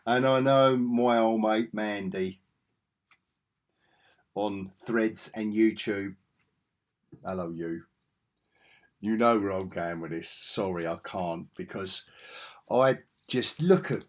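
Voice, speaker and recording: A man's voice: on the low side, slow, pauses often. A man, talking through old comics in an enthusiastic, rambling vlog. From England. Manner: enthusiastic and rambling, with frequent restarts. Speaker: comics vlogger. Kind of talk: casual nostalgic monologue.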